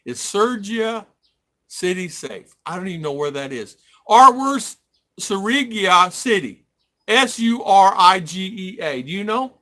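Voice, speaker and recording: Middle-aged American man, livestream host; rambling chatter, somewhat high and very bright. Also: animated, a little slow. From United States. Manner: rambling, reads viewer comments aloud. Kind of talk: casual live-stream chat.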